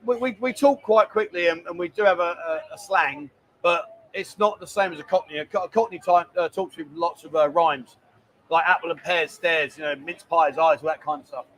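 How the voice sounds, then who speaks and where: A man's voice: fairly high pitch, normal speed, fairly bright tone, a little hiss or hum, poor audio. A man with a London accent hosting a casual live show, chatty and joking, often calling people mate and darling. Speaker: host. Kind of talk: casual chat.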